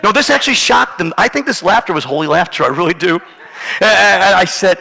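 Middle-aged male pastor, lively self-mocking storyteller, gravelly edge, echoing sanctuary. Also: fairly high pitch, moderate pace. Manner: animated, self-mocking, laughs through the story. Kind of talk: storytelling sermon. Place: church sanctuary. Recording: church hall with long reverb.

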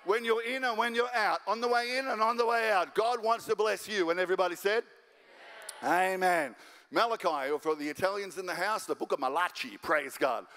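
A man's voice: sits high, fairly quick, hardly any pauses, sharp tone, clean tone, big-room sound. An Australian man preaching a sermon as a guest pastor, fired up and driving home his points over and over. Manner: fired-up, repetitive exhortation. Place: church auditorium.

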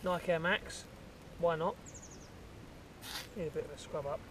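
A man's voice: on the high side, unhurried, a bit bright, a little hiss or hum. A man on a fishing trip, chatting and teasing his friends outdoors by a lake. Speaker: angler on the trip. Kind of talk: casual chat.

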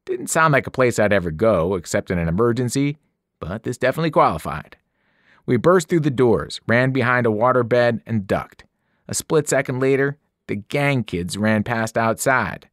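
A man, a teacher, reading a novel aloud in expressive first-person narration. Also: mid-range voice, normal speed, dry recording, clean studio sound. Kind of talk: audiobook narration.

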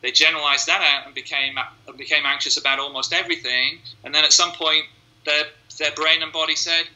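Guy explaining hypnosis stuff in an interview, really bright clear voice, kinda high for a man, walks through it step by step. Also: fairly even intonation, fairly quick, rough recording. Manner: explains step by step, acts out clients' inner voices. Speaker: hypnotist guest.

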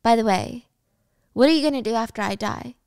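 A woman voicing a calm, fearless teenage girl who speaks in a flat, composed way. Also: a little high, a little fast, smooth, no echo, clean studio sound, lightly acted.

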